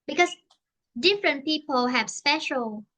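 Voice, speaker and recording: A woman's voice: high-pitched, animated, a little slow, fairly bright tone. A woman teaching English with a Vietnamese accent, talking in a hesitant way and searching for words with many fillers. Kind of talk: online English lesson conversation.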